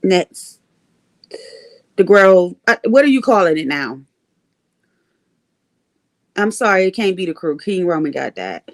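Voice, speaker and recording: A woman hosting a livestream, telling stories in an animated way, laughing often and swearing freely. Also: fairly low pitch, unhurried, pauses often. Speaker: livestream host. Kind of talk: casual storytelling chat.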